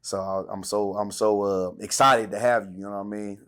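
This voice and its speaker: A man's voice: fairly low pitch, steady tone, brisk, fairly bright tone. A man from California hosting a podcast interview in laid-back street slang. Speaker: podcast host. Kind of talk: casual interview chat.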